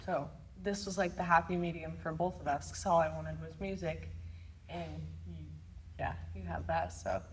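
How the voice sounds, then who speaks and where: A woman's voice: low voice, animated, normal speed, slight background noise. A young woman chatting casually with her father, teasing and talkative. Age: young adult. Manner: chatty and teasing, often laughs. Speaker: co-host and daughter. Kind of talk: casual chat.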